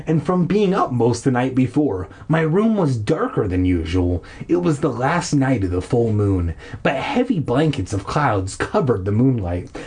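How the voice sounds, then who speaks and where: A man reading a storybook aloud in a relaxed, irreverent way, with a husky, breathy voice. His pitch moves around a lot as he goes. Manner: irreverent, laughs and swears at his own slips. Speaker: reader of a children's horror novel. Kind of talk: casual audiobook reading with jokey asides.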